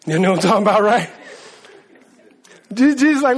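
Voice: medium pitch, animated, brisk, pauses often, slightly rough. A preacher delivering a sermon in casual, slangy talk, repeating words and laughing as asides.

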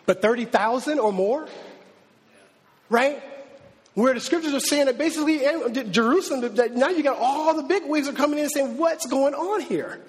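A man preaching a casual, animated sermon as pastor, with many fillers and restarts. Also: very high voice, moderate pace. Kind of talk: conversational sermon. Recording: long hall reverb.

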